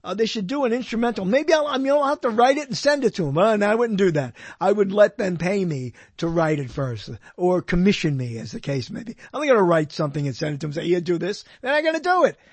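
A solo host speaks into a close microphone in a mid-range, expressive voice that's slightly rough, talking quickly with few pauses and no room sound. The monologue is digressive and jokey, with quotes read aloud and frequent detours off topic. He talks to himself, hums, and laughs along the way.

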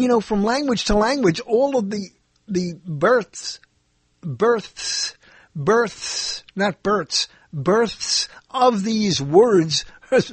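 Middle-aged male host, lively rambling delivery, dry close mic. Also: high voice, slightly rough, dry recording. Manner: digressive, self-correcting, chuckles often. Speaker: podcast host. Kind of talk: rambling solo monologue.

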